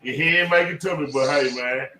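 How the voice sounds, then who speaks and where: A middle-aged man from South Dallas, a former high school football coach telling stories in an animated, emphatic, profane way on a casual podcast. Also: a little fast, slight background noise. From South Dallas, Texas. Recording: echoey room, voice a bit far from mic.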